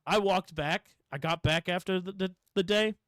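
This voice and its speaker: A young man co-hosting a casual podcast tells a story while tipsy, ranting and swearing heavily and acting out the people he quotes. His voice sits high and a bit bright at a normal speed, in a rough recording with no room sound.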